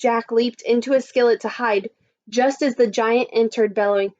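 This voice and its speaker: A woman teacher reading a story aloud to children, expressive and adding little asides. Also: a little high, normal speed, dull audio. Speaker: primary school teacher.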